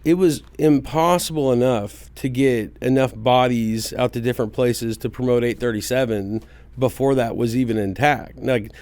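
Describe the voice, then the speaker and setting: A man with an Oklahoma accent co-hosting a casual podcast, playful and quick to laugh, swearing freely. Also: medium pitch, fairly even intonation, darkish tone, no room sound. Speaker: podcast co-host.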